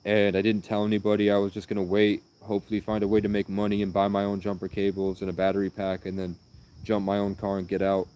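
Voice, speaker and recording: A man with a low, mellow voice rambles earnestly through one story after another. His delivery stays flat and even, and he jumps from tale to tale. Crickets chirp faintly outdoors behind him. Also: quick pace, clear, resonant tone. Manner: meandering, earnest, jumps between anecdotes. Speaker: livestreamer.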